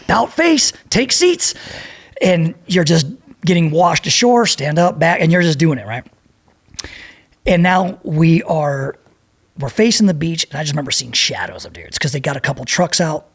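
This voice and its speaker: A man's voice: fairly high pitch, lively intonation, normal speed. A man in his fifties, a podcast guest, telling rambling, profane war stories in a casual way. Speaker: podcast guest, former Navy SEAL. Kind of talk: casual storytelling.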